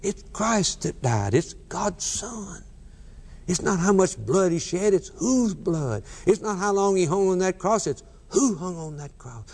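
A man's voice: high-pitched, animated, a little slow, darkish tone. A man preaching a sermon with emphatic, repeated refrains. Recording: long hall reverb.

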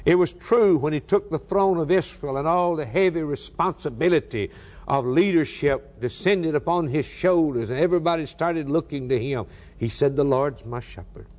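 An older man preaching a sermon, swinging between hushed and raised delivery. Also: fairly high pitch. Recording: long hall reverb.

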